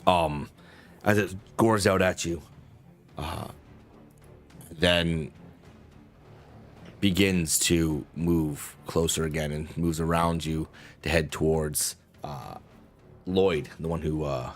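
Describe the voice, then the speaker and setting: A man's voice: very deep voice, takes it slowly, long pauses, faint music behind. A man narrating as game master, hesitant, with many fillers and restarts.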